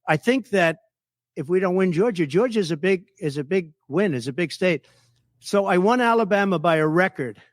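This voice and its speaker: A man's voice: sits high, animated, normal speed, no echo, clean studio sound. A man running for office, answering reporters' questions at a press conference in a boastful, repetitive and emphatic way. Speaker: political candidate at a press conference.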